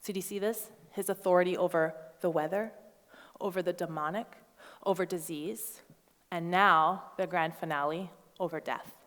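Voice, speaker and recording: A woman in her thirties preaching a sermon as a pastor, animated and storytelling, acting out voices with humorous asides. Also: fairly low pitch, normal speed, long reverb tail. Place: church hall.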